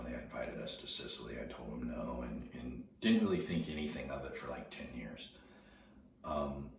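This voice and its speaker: A middle-aged man telling a personal story in a halting way, often repeating words as he recalls events. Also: extremely low pitch. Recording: very echoey room, distant mic, noticeable background noise.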